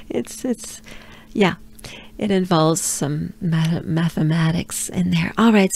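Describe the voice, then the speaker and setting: A French woman with a French accent leads a pronunciation lesson at an unhurried pace. She speaks in a mid-range voice, encouraging her listeners and stretching out each demonstration sound so they can follow along. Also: medium pitch, a little mellow. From France. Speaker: pronunciation coach.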